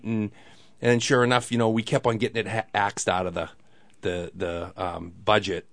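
A man's voice: fairly low pitch, dry recording. A man telling a story as a guest in a casual way, rambling with many fillers and acting out quoted voices. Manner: rambling, fills talk with "you know", acts out quoted voices. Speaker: guest, local baseball organizer.

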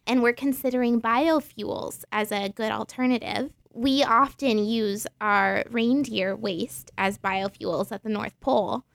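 A woman's voice: fairly high pitch, steady tone, unhurried, creaky, few pauses, no echo. A woman playing an earnest climate advisor in a comic radio sketch, speaking in an official manner. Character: earnest female climate advisor to the North Pole.

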